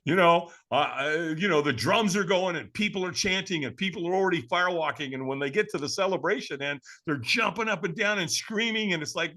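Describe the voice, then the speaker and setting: A man tells a personal story on a podcast with big swings in his voice, dramatic and often laughing. His slightly high, bright tone gives it a keyed-up edge, and he talks to the host like a buddy. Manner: casual, addresses the host as man and brother. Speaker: podcast guest.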